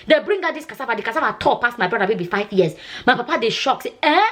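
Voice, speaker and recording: A woman's voice: fairly high pitch, animated, fast talker, fairly bright tone. A Nigerian woman vlogger and nurse chatting casually, telling a long story in Nigerian Pidgin and often asking "you understand?". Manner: chatty, repeats herself, asks "you understand?".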